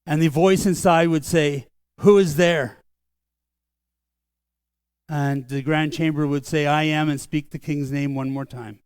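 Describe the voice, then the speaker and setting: An older man preaching a sermon as pastor, earnest and conversational, slowing down for solemn lines. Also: fairly high pitch, steady tone, clean tone, dry recording. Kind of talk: sermon storytelling. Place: church sanctuary.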